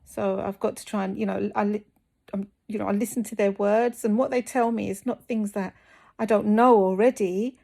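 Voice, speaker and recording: A tired woman from the UK talks openly to the camera, her voice dropping into a gravelly fry. She hesitates often, filling pauses with ums and restarting her sentences. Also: medium pitch, steady tone, mellow. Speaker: fitness vlogger recovering from surgery. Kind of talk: candid talking-to-camera vlog.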